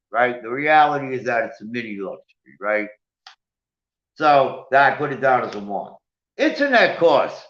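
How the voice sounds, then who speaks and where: New finance lecturer, male, higher voice, addresses the room constantly, lo-fi roomy sound. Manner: animated, keeps addressing "ladies and gentlemen" and asking "right?". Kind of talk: lecture with slides. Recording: echoey room, dull lo-fi sound.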